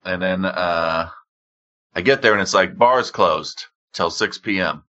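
A man in casual conversation, telling a funny story in a wry, deadpan way and swearing freely. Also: deep voice, unhurried, dull audio. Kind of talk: casual chat, comic storytelling.

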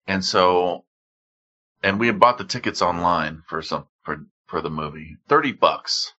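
A man in casual conversation, telling a funny story in a wry, deadpan way and swearing freely. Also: deep voice, a little slow, muffled recording. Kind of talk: casual chat, comic storytelling.

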